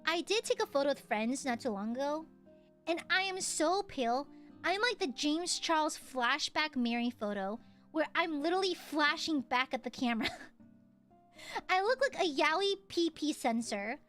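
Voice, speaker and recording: A woman's voice: high voice, lively intonation, normal speed, a bit bright, soft background music. A young woman streaming casually as a VTuber, playful and jokey, often breaking into laughs and squeals. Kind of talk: casual livestream chat.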